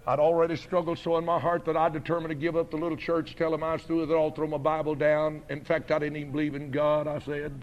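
A man preaches his own conversion story as a sermon testimony. He talks in emphatic, repeated beats that build toward fervent peaks, his voice sitting a little high for a man. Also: flat delivery, fast talker, hardly any pauses, highs cut off. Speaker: song leader and preacher giving testimony.

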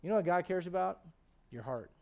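The audio is dull as a pastor in his thirties delivers his Sunday sermon briskly, his noticeably high voice edged with vocal fry. He's animated and chatty, often backing up to restart what he's saying.

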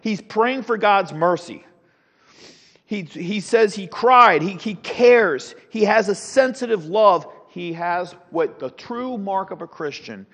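A middle-aged man teaching a Sunday school class, animated, with rhetorical questions and frequent restarts. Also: high-pitched, slow. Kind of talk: Bible teaching. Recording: dull lo-fi sound with long hall reverb.

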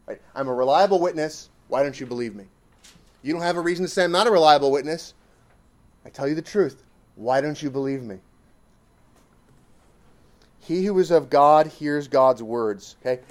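An emphatic man preaching a sermon with a fairly high voice. He repeats lines for weight and builds to loud exclamations. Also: moderate pace, long pauses.

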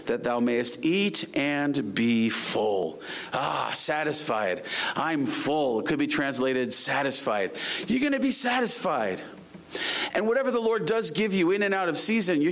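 A man preaching a sermon, his voice sitting a little high. He reads scripture aloud at a slow, deliberate pace and presses his points with earnest, rising emphasis. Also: fairly bright tone. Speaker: pastor.

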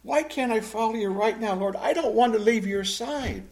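A man's voice: high voice, sing-song, moderate pace, pitched above the performer's own voice. A man playing an emphatic, impulsive fisherman. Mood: pleading. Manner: pleading and emphatic. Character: earnest, impulsive adult male fisherman disciple.

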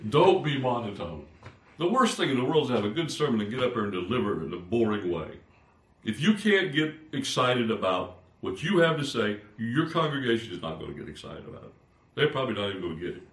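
An older man, a pastor, teaching fellow preachers in an informal, animated way, poking fun at himself and swinging between loud and soft. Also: medium pitch, quick pace. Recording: roomy, distant from the mic.

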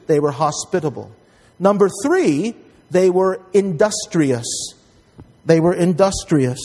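A man's voice: sits high, a little mellow, big-room sound. A man preaching a sermon, emphatic and calling out to the congregation for responses. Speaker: pastor.

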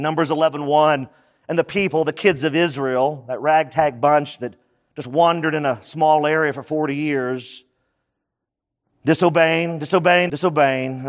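Here a male pastor gives a sermon like he's chatting, voice a little on the high side, slipping brief asides in between his main points. A big hall's lingering reverb colors the sound.

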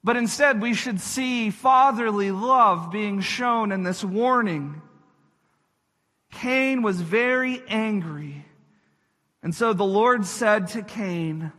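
A man pastor preaching an earnest sermon in a high, bright voice, repeating phrases for emphasis and turning to speak directly to his listeners. His words ring out in a church hall with a long reverb. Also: slow.

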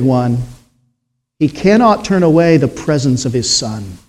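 A man preaching a sermon in a slow, solemn way, with dramatic pauses and rising emphasis. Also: mid-range voice, sing-song, a little mellow.

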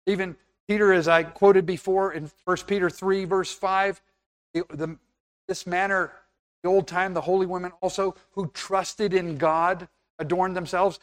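A man's voice: high-pitched, steady tone, unhurried. A man preaching a sermon in an earnest, conversational way, now and then acting out little scenes.

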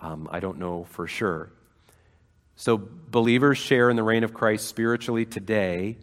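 Male pastor, lower register, conversational sermon with fervent peaks, long hall reverb. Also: a little slow. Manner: conversational preaching with fillers, rising to fervent emphasis.

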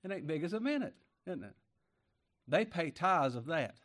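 A pastor with a slightly high, very animated voice preaches at a moderate pace in a folksy, conversational manner. Rhetorical questions to the congregation come often, and he shifts between booming emphasis and hushed asides.

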